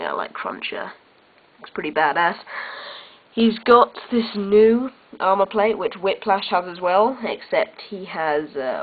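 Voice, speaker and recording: A woman chatting casually and offhandedly as she reviews a toy set. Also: lowish voice. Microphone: built-in camera mic. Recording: tinny lo-fi camera audio.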